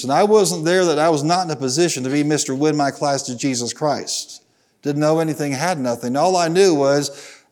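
A man's voice: mid-range voice, a little mellow. A middle-aged man, a pastor from Southern Illinois, preaching to a congregation, telling stories in a folksy way and calling for the congregation to answer him. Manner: folksy storytelling, calls for congregation responses. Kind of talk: sermon with stories. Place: church sanctuary.

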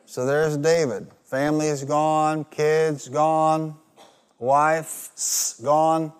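A man's voice: a little high, level tone, very slow, clear, resonant tone, long reverb tail. A male pastor preaching a rousing sermon, leading the congregation in call-and-response. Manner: rousing, call-and-response, rising to loud peaks.

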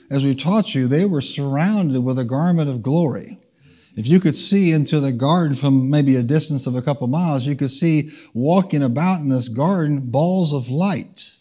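A man's voice: mid-range voice, darkish tone. A man preaching a sermon, leading the congregation in call-and-response and changing his pace for emphasis. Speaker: pastor. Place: church.

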